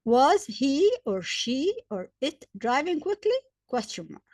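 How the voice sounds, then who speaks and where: Slow, lively-voiced woman teaching grammar. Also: high voice, dry recording, clean studio sound. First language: Arabic. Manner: spells out letters and repeats examples with emphasis; hesitant fillers between points. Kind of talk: slow, deliberate grammar lesson.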